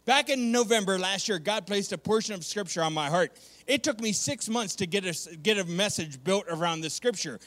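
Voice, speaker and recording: A man with a notably high voice preaches to his congregation in a conversational, emphatic way. He repeats his main points for effect and keeps checking in with his listeners. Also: animated, moderate pace, fairly bright tone. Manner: conversational preaching with frequent "okay". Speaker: pastor. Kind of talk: sermon.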